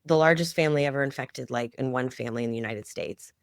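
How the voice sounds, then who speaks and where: Speaking quickly in an extremely low, creaky voice, this middle-aged podcast guest shares an emotional family story during a conversational interview. She founded a children's music project, and the studio sound is clean with no echo.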